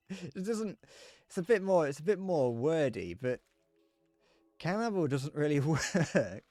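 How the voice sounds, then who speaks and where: A man streaming a game, rambling and joking as he thinks out loud, often restarting his sentences. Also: fairly high pitch, sing-song, slow, pauses often, no echo, soft background music. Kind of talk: casual gameplay commentary.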